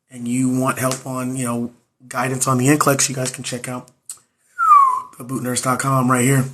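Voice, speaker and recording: A hoarse young man, a nurse and exam coach, chatting loosely on his livestream into a phone and repeating his greetings. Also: mid-range voice, fairly bright tone. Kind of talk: casual livestream chat.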